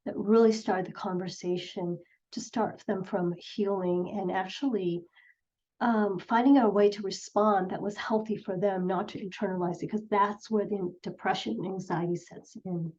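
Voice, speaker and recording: A middle-aged clinical psychologist gives an earnest presentation, retelling patient stories and voicing their words. Her middling-pitch, darkish voice moves at normal speed with fairly even intonation. The recording sounds slightly dull and lo-fi.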